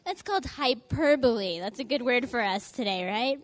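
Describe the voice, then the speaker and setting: A woman's voice: a little high, expressive, moderate pace, dry recording. A woman, leading a children's message in church, reading a story aloud and asking the children questions.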